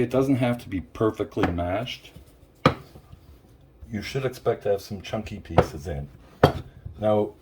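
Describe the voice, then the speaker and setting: A man with a lowish voice hosts a home cooking video from Puerto Rico, chatting casually and calling his viewers "folks" as he works in the kitchen. Heavy background noise and the clear clatter of dishes and utensils fill the recording.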